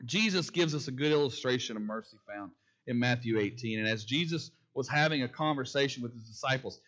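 A man's voice: medium pitch, fairly quick, fairly bright tone. A man preaching a sermon who repeats key phrases and asks the congregation questions, in a dull lo-fi recording. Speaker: pastor.

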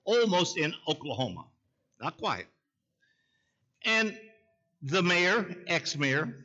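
A man's voice: a little high, pushed and bright, highs cut off. A man preaching a sermon in a folksy way, telling a story and calling out to the congregation. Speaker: pastor.

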